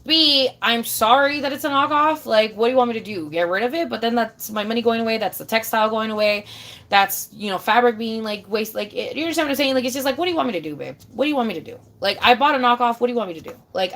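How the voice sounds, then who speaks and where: A woman vlogger ranting straight to her viewers, her voice sitting a little high. She swears freely, circles back to the same points and keeps calling the listener babe. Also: expressive, quick pace, fairly bright tone. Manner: profane, emphatic, repeats herself, calls listener babe. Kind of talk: casual rant to camera.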